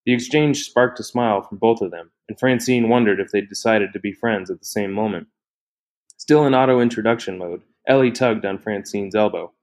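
Low-voiced man narrating a novel. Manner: even, measured storytelling. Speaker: audiobook narrator. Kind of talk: scripted narration.

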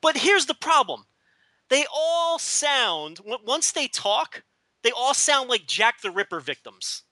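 High, bright-voiced man rambling on a podcast. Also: big pitch swings, slow pace, no echo. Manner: rambling, stammering, mocking. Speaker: podcast co-host. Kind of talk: casual podcast banter.

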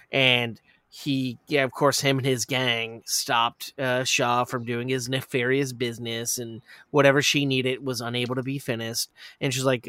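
A man's voice: mid-range voice, smooth, dry recording, clean studio sound. Rambling, profane man recapping a movie. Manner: rambling, profane, animated retelling with many fillers.

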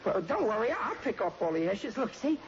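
Playing a lovestruck, clumsy, shy teenager who stammers awkwardly, this actor sounds bashful in a 1940s radio sitcom. His high voice swings widely in pitch at a fairly quick pace, and the old radio recording is dull and hissy.

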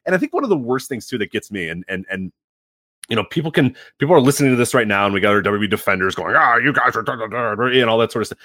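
A man talks quickly as a podcast co-host, his pitch swinging up and down as he rambles through animated stories. The recording is dry and close, with no room sound. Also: no room sound. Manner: animated, rambling storytelling with many fillers. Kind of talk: casual podcast chat.

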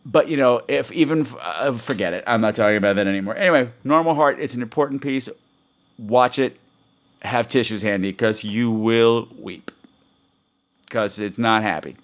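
A man's voice: mid-range voice, normal speed. Podcast guy rambling on his own, jumpy and self-deprecating, chatty. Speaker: podcast host. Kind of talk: casual podcast monologue.

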